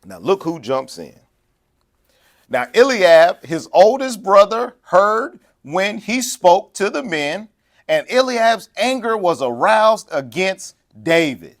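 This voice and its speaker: A man preaching with a slightly raised pitch, keeping things conversational and animated. He acts out quotes between points and laughs easily while he talks. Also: slow pace. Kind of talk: sermon.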